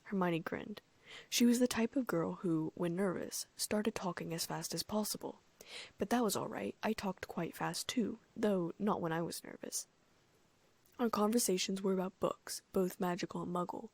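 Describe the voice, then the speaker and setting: A woman reading a first-person fan fiction audiobook in a soft, often near-whispered voice. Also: medium pitch, normal speed, creaky, dry recording. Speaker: audiobook narrator.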